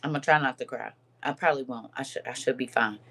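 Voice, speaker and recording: Talking fast in an extremely low voice, a livestream host casually and expressively chats with her live viewers, addressing them as "girl" and "honey." Her eyes are puffy from crying.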